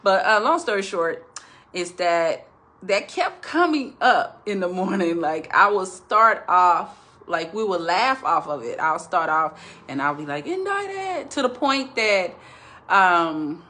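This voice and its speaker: A woman with a slightly low voice that still comes across bright and forceful. She talks to her viewers in a chatty, rambling way, sharing a faith testimony. Her tone turns earnest when she speaks of revelations. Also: lively intonation, a little slow. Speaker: Christian devotional speaker.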